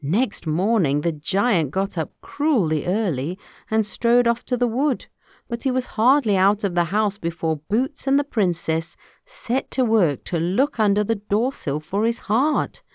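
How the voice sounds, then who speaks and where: A woman reading a folktale aloud in a measured, expressive manner. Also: medium pitch, no echo, clean studio sound. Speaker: storyteller.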